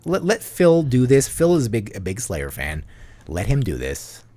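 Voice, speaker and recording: A man's voice: medium pitch, huge pitch swings, moderate pace, mellow. A man co-hosting a casual podcast, rambling and self-deprecating and leaning heavily on "you know". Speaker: podcast co-host.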